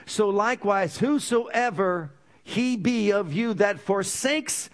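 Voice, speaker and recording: High-voiced emphatic male preacher. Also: slow. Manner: call-and-response questions to the congregation; swings from loud emphatic preaching to low, quiet pleading. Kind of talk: sermon. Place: church.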